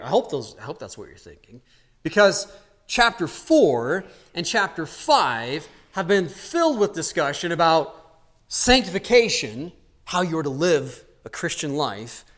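Earnest male pastor preaching. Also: a little high. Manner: earnest, teacherly, drops to soft intense tones. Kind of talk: expository sermon. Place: church.

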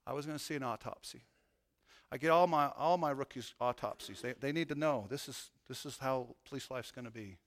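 A middle-aged man, a police chaplain, preaching an emotional testimony that swells to loud, fervent peaks. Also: mid-range voice, a little fast. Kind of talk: sermon testimony.

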